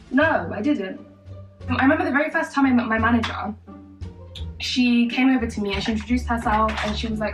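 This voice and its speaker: A woman's voice: a little high, a little fast. Chatty sassy woman in her twenties. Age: 20s. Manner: chatty, sassy, self-mocking asides. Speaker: vlogger. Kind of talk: casual get-ready-with-me storytime. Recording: echoey room, mic far off, faint music behind.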